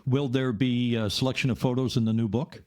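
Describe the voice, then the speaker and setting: A man hosting a podcast who asks measured, prepared questions. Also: medium pitch, little pitch movement, dark tone. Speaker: podcast host. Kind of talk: interview questions.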